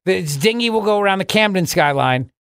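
A male radio host with a fairly high voice who rambles through sarcastic bits and keeps laughing at his own jokes. He is recorded close on a dry studio microphone. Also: animated, a little fast, a bit bright, clean tone, dry recording. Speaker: radio talk show host. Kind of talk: joking radio banter.

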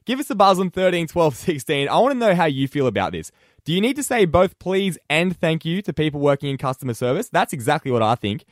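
A man's voice: fairly high pitch, sing-song, fast talker, dry recording, clean studio sound. A young Australian man hosting a breakfast radio show, chatting casually with lots of fillers and restarts. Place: radio studio.

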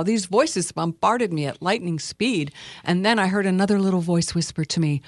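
A woman's voice: mid-range voice, normal speed, dry recording, clean studio sound. A woman author reading her memoir earnestly and expressively, then chatting as a guest. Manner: earnest and expressive, with filler hesitations.

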